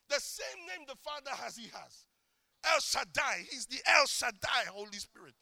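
A middle-aged male preacher delivering an impassioned sermon, swinging between shouted declarations and quiet, intimate asides. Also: very high voice, lively intonation, a little fast, vocal fry, dry recording.

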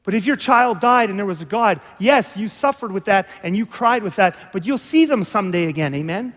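A male pastor preaching a sermon in a church, swinging from hushed, earnest stretches to loud, impassioned ones. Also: sits high, animated, fairly quick, big-room sound.

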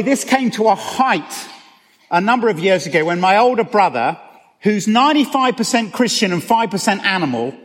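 Middle-aged pastor, animated and self-deprecating; high, very lively delivery in a reverberant church. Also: male voice. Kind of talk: sermon.

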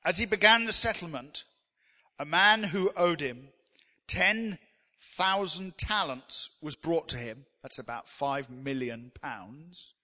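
A man delivers an emphatic sermon in a sharp, forceful voice that sits a little high. He calls on the congregation to speak lines back with him, and his words carry a long reverb through a large church hall. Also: animated, takes it slowly. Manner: emphatic, leads the congregation in call-and-response. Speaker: pastor.

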